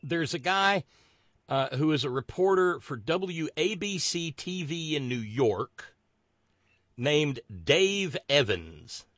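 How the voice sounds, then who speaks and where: A man hosting a casual, comedic political chat, telling a story with animated asides. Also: fairly high pitch, slow pace, dry recording, clean studio sound. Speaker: podcast host.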